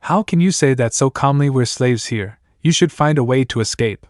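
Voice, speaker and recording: A man's voice: mid-range voice, moderate pace, no echo, studio quality, lightly acted. A man reading the part of a newly arrived boy who is impatient and sarcastic. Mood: demanding. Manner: demanding, sarcastic.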